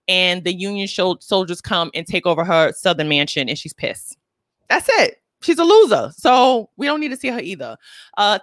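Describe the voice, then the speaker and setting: A woman's voice: a bit bright, no echo. Brooklyn woman host, sassy sarcastic commentary, very dry close sound. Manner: sassy, sarcastic, emphatic with swings into high exclamations. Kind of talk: sassy scripted news commentary.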